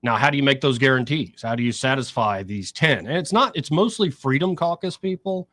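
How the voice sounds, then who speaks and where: A man's voice: medium pitch, fairly quick, no room sound. Man hosting dry talk radio. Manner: explanatory, quotes others in an animated voice. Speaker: radio talk show host. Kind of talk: political talk radio commentary.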